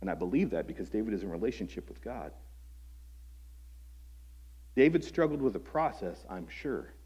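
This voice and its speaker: A man's voice: lowish voice, sing-song, normal speed, mellow, slightly rough, highs cut off. A man preaching a sermon as pastor, earnest and conversational, asking his listeners questions. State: voice breaking with emotion at times.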